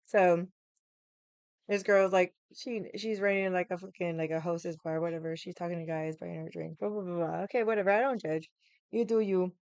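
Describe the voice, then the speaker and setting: A woman's voice: fairly low pitch, fairly even intonation, a little fast, darkish tone, smooth, no echo. A woman telling a story at home, blunt, profane and heated. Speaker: vlogger. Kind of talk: casual storytelling. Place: home room with the AC running.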